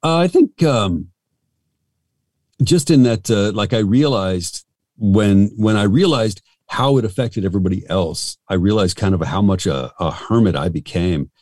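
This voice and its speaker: Deep male voice, middle-aged, frank, rambling, dry close sound. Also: expressive, measured pace, a little mellow, dry recording. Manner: rambling, self-deprecating, frank. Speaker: voice actor. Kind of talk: casual interview talk.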